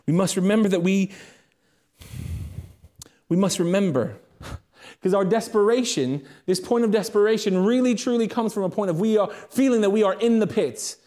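A young British man delivers a sermon from the pulpit. His fairly high voice climbs into loud, urgent appeals, then sinks to hushed, rapid asides. He speaks with a pastor's conviction. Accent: British English. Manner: dynamic preaching, swings from loud and high to hushed and quick.

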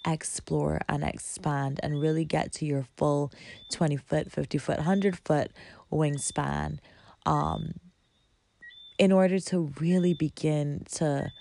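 Animated low-voiced woman giving life advice. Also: vocal fry. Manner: animated and emphatic, repeats words for effect. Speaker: motivational vlogger. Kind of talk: casual motivational talk.

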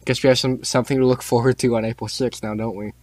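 A man's voice: medium pitch, level tone, fast talker, a little mellow. A teenage boy hosting a casual chat, reading out on-this-day facts, tripping over names and tossing in joking asides. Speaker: podcast host.

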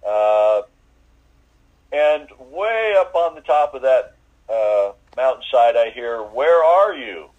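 A man giving a personal faith testimony as an interviewee, talking in a halting way with many fillers and restarts. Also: lowish voice, muffled recording.

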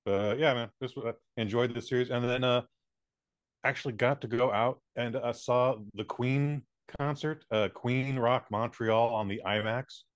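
Laid-back co-host with a dry sound. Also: male voice, medium pitch, steady tone, moderate pace, no echo. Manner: laid-back, swears, lots of fillers. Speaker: podcast co-host. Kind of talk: casual chat.

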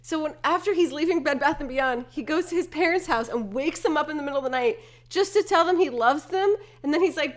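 A woman's voice: high-pitched, animated, brisk. A woman co-hosting a casual chat, retelling a film scene by scene and laughing often. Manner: laughs often, acts out quoted lines. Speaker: podcast co-host. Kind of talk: casual movie recap chat.

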